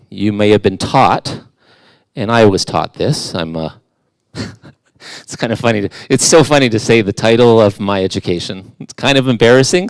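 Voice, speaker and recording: A man's voice: fairly low pitch, dry recording. A middle-aged man preaching a conversational sermon as a guest in church, casual and self-deprecating, with playful asides.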